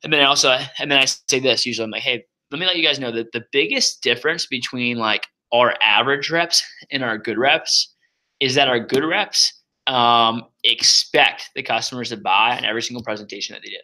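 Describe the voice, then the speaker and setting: A young man walks sales reps through a training deck in loose, casual talk. He speaks fast with a bright, forceful tone and loud energy, tossing in "like" and "um" constantly. His pitch sits in the middle for a man. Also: low-quality recording. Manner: energetic and loud, says so himself, many fillers. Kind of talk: casual coaching walkthrough.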